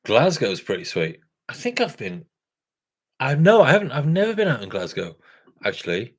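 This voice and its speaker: A man's voice: medium pitch, huge pitch swings, normal speed, husky. A man hosting a craft beer channel, chatting casually and rambling, correcting himself and chuckling as he goes. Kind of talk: casual rambling chat with viewers.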